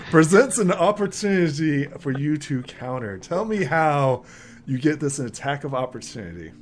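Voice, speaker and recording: A man narrating a tabletop game as game master, casual and full of fillers, laughing often. His pitch swings a lot as he describes the action. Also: very animated, unhurried, a little hiss or hum.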